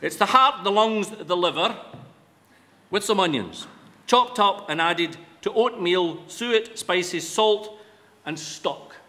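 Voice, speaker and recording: A man's voice: high-pitched, animated, takes it slowly, sharp tone. A Scottish man giving a humorous after-dinner speech to a live audience, self-deprecating and wry, on a microphone in a large event hall. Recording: reverberant hall with light background noise.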